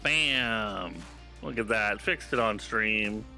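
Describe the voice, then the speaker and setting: A man from Canada streaming games, chatting casually and telling stories in an animated, profane way. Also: fairly low pitch, slow, vocal fry, faint music behind. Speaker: game streamer. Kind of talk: casual live-stream chat.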